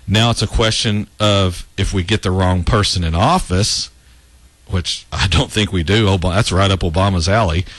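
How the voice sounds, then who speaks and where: Low-sitting but a bit bright, this man's voice comes through with no room sound. As a radio talk show host, he riffs on politics casually and sarcastically, chuckling at his own lines.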